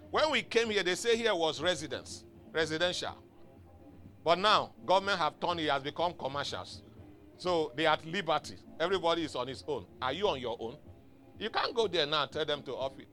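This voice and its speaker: A man's voice: a little high, pushed and bright. A man preaching a sermon in a church, emphatic and exhorting, calling out to his congregation for responses. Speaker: pastor. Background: faint music from outside.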